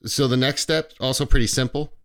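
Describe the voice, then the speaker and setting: A man hosting a financial radio show, slightly stuffy, explaining retirement investing in a relaxed way with fillers and small self-corrections. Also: mid-range voice, brisk, clean tone. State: a little stuffy. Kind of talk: conversational radio talk.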